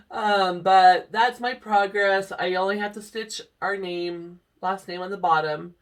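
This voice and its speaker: A middle-aged woman with a voice on the low side chats slowly and casually to camera in a room at home, picked up by a distant mic. She rambles about her cross-stitch projects and laughs often.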